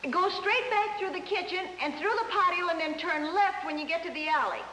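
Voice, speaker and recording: An actress playing a teasing young newlywed wife in a 1950s sitcom, bubbly and wisecracking. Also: female voice, very high-pitched, fairly quick, pushed and bright. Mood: playful. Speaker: sitcom lead. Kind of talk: 1950s live TV sitcom acting. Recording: hissy, roomy 1950s TV soundtrack.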